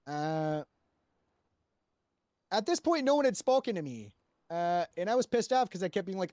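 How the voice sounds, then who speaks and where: A man's voice: high-pitched, sing-song, moderate pace, long pauses, darkish tone, no echo. A man recounting a roleplay story to a panel, rambling with lots of fillers and restarts and swearing freely.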